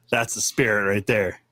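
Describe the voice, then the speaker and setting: A man hosting a casual stream, relaxed and swearing freely as he reads out viewer questions. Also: lowish voice, dry recording. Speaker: host.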